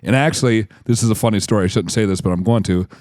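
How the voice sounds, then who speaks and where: A man's voice: fairly low pitch, fast talker, darkish tone, no echo, studio quality. A man in his forties co-hosting a casual podcast, telling rambling stories and laughing at himself. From United States. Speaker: podcast co-host.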